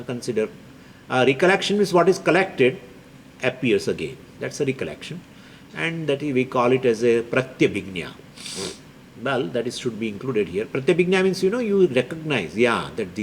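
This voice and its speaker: A man's voice: on the high side, a little hiss or hum. A man giving an emphatic spiritual discourse as a Vedanta teacher, repeating key points. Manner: animated and emphatic, with laughs and repetition.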